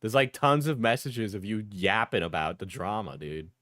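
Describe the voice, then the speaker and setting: Man streaming a reaction, joking and laughing, lively pitch, dry sound. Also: moderate pace, no room sound.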